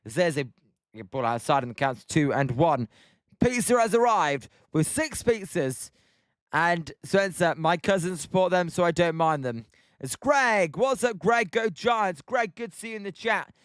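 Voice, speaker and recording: Chatty British man, high clear voice. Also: animated, moderate pace, no echo. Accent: British English. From Britain. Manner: chatty, self-mocking, reads chat aloud. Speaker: livestream host watching baseball. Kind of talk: casual live-stream chat and play-by-play.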